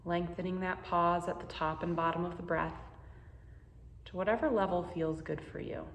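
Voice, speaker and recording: A woman guiding a meditation, speaking slowly and gently with soothing instructions. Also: fairly low pitch, steady tone, reverberant. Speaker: meditation guide. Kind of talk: guided meditation.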